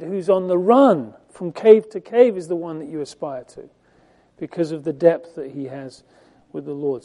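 Guy preaching a bible talk, kinda high voice, really dark mellow tone, chatty with lots of uhs. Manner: conversational, emphatic, with frequent fillers and restarts. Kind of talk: sermon, Bible teaching.

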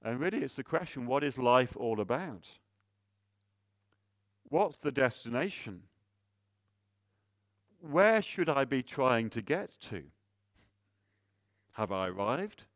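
A man's voice: medium pitch, sing-song, slow, pauses often, no echo. Earnest male preacher with dry sound. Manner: earnest, rhetorical questions, repeated restarts; swells louder on key points, drops soft for emphasis. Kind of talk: sermon.

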